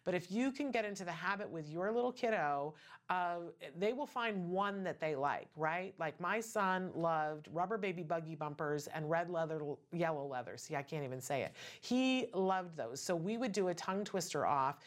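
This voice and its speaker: Hosting a relaxed talk show podcast, this middle-aged woman is animated and talkative, with emphatic asides and rhetorical questions. She speaks at a normal speed in a fairly low voice.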